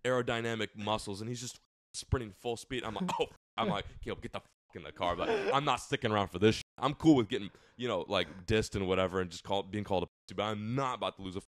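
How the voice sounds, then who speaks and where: A man's voice: fairly low pitch, fast, no echo, clean studio sound. A young man co-hosting a podcast, telling a story in casual chat, swearing freely and acting out the people in it. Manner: animated, swearing, acts out voices of others. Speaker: podcast co-host.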